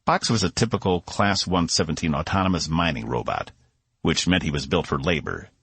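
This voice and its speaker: Deep husky male audiobook narrator. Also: brisk, dry recording. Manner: expressive storytelling. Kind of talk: scripted narration.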